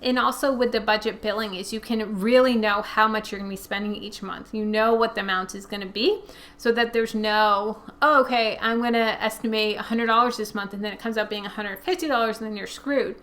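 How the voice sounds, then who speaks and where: A woman's voice: medium pitch, steady tone, a little fast, fairly bright tone. A young woman hosting a personal finance Q&A, chatty and conversational as she answers viewer questions. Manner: chatty, conversational, frequent fillers. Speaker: personal finance channel host. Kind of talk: casual Q&A, reading viewer questions.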